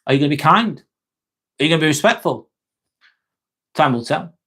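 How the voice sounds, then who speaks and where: Here the host's voice is on the high side, pushed, bright and husky, moving fairly quickly with lively intonation. He chats with his livestream viewers, joking around and cursing as he works through their messages and addresses them directly.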